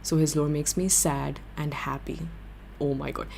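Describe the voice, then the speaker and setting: A young woman hosting a livestream, chatting with viewers in an excitable, giggly way. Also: low-pitched, moderate pace, creaky, a little hiss or hum. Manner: excitable, giggly, gushing fan talk. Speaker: livestream host. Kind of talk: casual chat with viewers.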